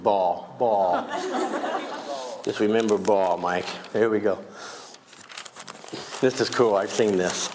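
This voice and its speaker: Male comic magician, low voice, teasing patter, noisy stage recording. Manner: teasing, wisecracking with volunteers. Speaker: magician performer. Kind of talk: comedic magic show patter. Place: school stage before a young audience.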